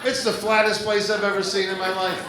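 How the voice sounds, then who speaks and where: A man doing a stand-up comedy set on a theater stage, chatty and jokey, slipping into quick voice impressions. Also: high voice, flat delivery. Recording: very echoey live club recording, loud crowd. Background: audience laughter.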